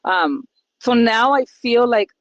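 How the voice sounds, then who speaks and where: A woman's voice: a little high, expressive, takes it slowly, dry recording, muffled recording. A woman co-hosting a casual podcast, talking openly about her feelings and acting out what others say. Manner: open, emotional, acts out quoted voices. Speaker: podcast co-host.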